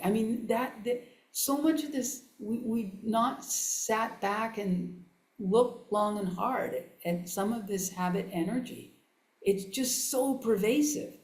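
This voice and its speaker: A woman giving a relaxed, chatty dharma talk to a live audience, laughing often and restarting her sentences. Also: medium pitch. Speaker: Buddhist nun teacher. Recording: echoey room.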